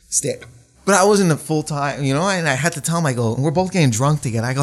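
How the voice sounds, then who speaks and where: A man's voice: on the high side, fast talker. A man, a comedian, telling a rambling story in casual chat and acting out the people in it. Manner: rambling, animated, acts out quoted voices.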